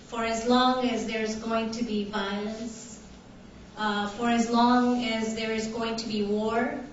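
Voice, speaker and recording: A woman from Tanzania raised in Canada, giving a conference talk, slow and hesitant with many fillers. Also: on the high side, slight background noise. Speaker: conference speaker. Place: conference hall. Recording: distant, echoey, muffled hall recording.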